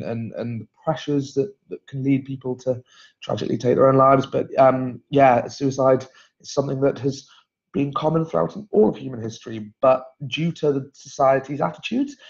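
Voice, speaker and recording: A man's voice: medium pitch, darkish tone, lo-fi sound. A man hosting a live stream, reading out viewer comments in a chatty, rambling way, full of fillers and self-corrections. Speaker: host.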